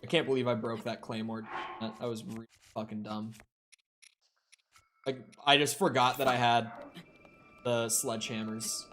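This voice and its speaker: Streaming a game, a man from Minnesota with a slight Minnesotan accent offers casual, profane commentary and reads out and replies to chat messages. His mid-range voice is level and a bit bright, at a moderate pace with frequent pauses, and there's a little hiss or hum.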